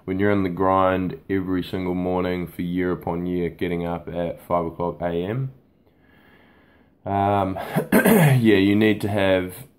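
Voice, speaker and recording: Speaking off the cuff to camera, a male boot camp fitness trainer is blunt, casual, and liberal with swear words. His voice is low-pitched and a little mellow.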